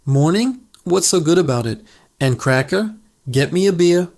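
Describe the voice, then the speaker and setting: A man's voice: high voice, animated, moderate pace, darkish tone, voice pushed up. A man voicing a foul-mouthed pet parrot in a told joke, with a scratchy squawking voice. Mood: rude, squawking. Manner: insulting and brash, later stiffly over-polite.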